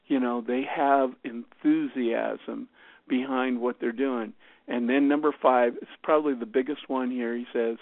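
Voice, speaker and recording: A man's voice: medium pitch, gravelly, no echo. A man leading a morning conference call, giving a rambling motivational talk full of fillers and restarts. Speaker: team leader on a morning call. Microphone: phone. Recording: tinny phone line.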